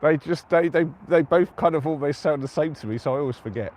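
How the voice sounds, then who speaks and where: Up on a wind-free hilltop beside a trig point, an English man chats on a live stream at a quick pace. His voice is on the high side with a darkish tone, and he casually works through viewers' comments.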